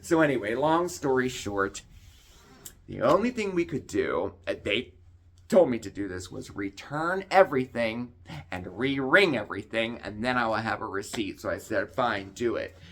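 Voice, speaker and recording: A man at an ordinary middle pitch tells a story as a casual vlog rant. He is worked up and indignant and acts out what other people said. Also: animated, moderate pace. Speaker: vlog co-host.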